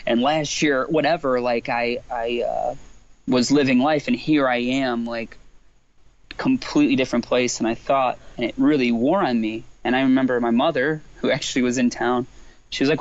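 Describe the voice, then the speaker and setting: Man guest, gravelly, earnest storyteller, slightly dull lo-fi recording. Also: mid-range voice, fairly even intonation, moderate pace. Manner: earnest, reflective, lots of restarts and "like". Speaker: guest musician. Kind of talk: candid conversational storytelling.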